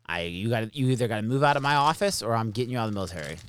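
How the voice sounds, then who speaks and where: His mid-range voice races along with a clean tone as he shares army captain stories in casual conversation. Expect animated delivery, free swearing, and quotes from everyone involved.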